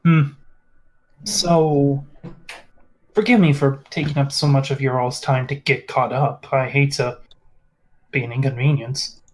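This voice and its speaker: A man voicing a formal, courteous male field agent in a tabletop role-play, speaking with polite, measured phrasing. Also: mid-range voice, fairly even intonation, slight background noise, close to an everyday voice, low-quality recording. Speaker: game master voicing a character.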